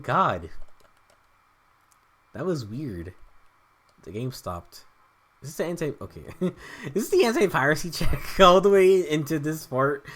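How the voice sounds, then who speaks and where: Lively, rambling man at play. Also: a little high, a little slow, long pauses. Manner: rambling, joking, laughs often, swears. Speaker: let's play host. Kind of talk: casual gaming commentary.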